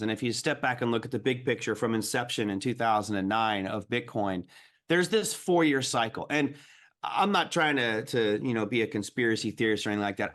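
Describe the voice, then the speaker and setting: Guy trader on a livestream, animated, long explanations, middle voice. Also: medium pitch. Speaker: guest trader. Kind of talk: casual market discussion.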